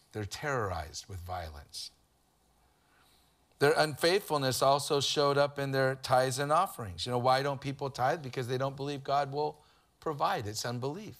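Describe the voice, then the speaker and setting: A man's voice: medium pitch, a bit bright. A man, preaching a sermon in a conversational style with humorous anecdotes. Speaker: pastor.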